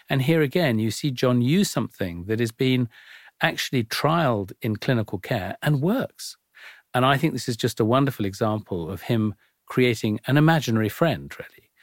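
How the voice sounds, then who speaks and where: A man's voice: mid-range voice, no echo, studio quality. A man giving earnest, explanatory expert commentary on psychology, appreciative in tone.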